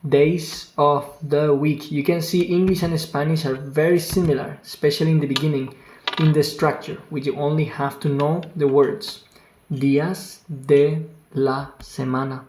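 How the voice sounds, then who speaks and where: A language teacher giving an online lesson, speaking slowly and patiently, repeating each word several times and exaggerating the pronunciation on purpose. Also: medium pitch, steady tone, a little mellow, slight background noise. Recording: roomy echo with faint keyboard clicks.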